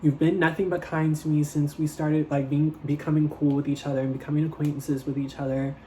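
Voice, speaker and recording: A young man telling a storytime tale in a casual, animated, dramatic way, swearing freely. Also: fairly high pitch, brisk, slight background noise, low-quality recording. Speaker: vlogger.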